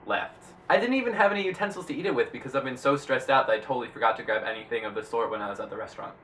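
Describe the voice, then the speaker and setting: A young man vlogging in a chatty, rambling way, full of "like" and excitable bursts. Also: medium pitch, very fast, distant mic, a little hiss or hum, rough recording. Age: young adult. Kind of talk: casual vlog monologue.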